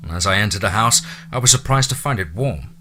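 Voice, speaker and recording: A man narrating a first-person story in a measured way, dropping to hushed tones at eerie moments. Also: lowish voice, expressive.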